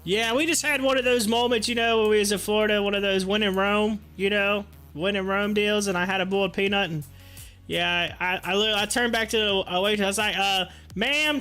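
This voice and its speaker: A man's voice: very high-pitched, moderate pace, bright, forceful tone, soft background music. A man hosting a live stream, rambling through casual stories and viewer comments and laughing often. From United States. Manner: rambling storyteller, laughs often, repeats himself.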